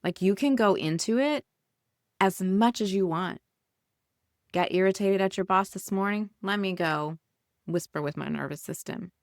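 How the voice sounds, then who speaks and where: A woman's voice: mid-range voice, normal speed, dry recording, studio quality. A woman hosting a podcast, talking casually and soothingly as she guides listeners through breathing. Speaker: podcast host and coach.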